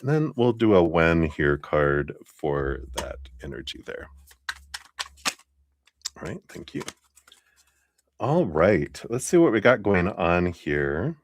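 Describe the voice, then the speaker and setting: Lively low-voiced man reading tarot. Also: slow, pauses often, a little hiss or hum. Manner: chatty, laughs often, talks to chat viewers by name. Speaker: tarot reader. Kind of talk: live-stream tarot reading.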